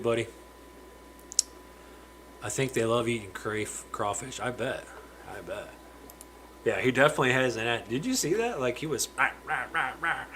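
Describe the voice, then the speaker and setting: A man's voice: mid-range voice, a bit bright, slight background noise, rough recording. A man hosting a casual live stream from his fish room, chatting freely, greeting viewers by name and stumbling over words now and then. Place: home fish room with aquariums.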